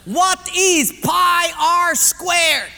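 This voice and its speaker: A man doing a high-pitched bossy job interviewer, booming verdicts, long church reverb. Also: unhurried, pushed and bright, heavily acted. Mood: loud booming.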